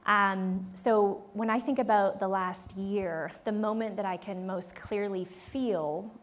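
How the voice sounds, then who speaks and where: A woman's voice: medium pitch, fairly even intonation, slow pace. Chatty woman leading a live workshop. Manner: chatty storytelling, acts out dialogue with "I was like"; laughs often, speaks directly to the audience. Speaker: workshop leader. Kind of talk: live workshop talk to an audience. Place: conference room before a live audience.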